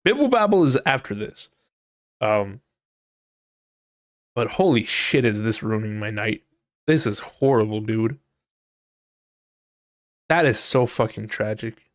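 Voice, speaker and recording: A man's voice: on the low side, expressive, slow pace, pauses often, no room sound. Young guy ranting on his solo podcast, swears a ton, does mocking voices, dry close mic. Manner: profane, rambling, mocking impressions of people. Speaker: podcast host. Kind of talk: casual solo podcast rant.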